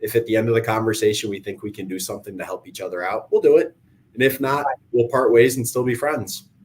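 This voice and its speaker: A man's voice: fairly low pitch, fast talker, slight background noise. A middle-aged man, a financial advisor, joking easily in a casual interview. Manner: joking, easygoing, deadpan humor.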